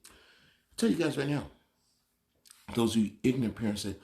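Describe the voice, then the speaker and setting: A man's voice: mid-range voice, expressive, normal speed, creaky, long pauses, warm tone. A man talking straight to the camera in a casual, opinionated monologue, telling stories animatedly. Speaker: vlogger.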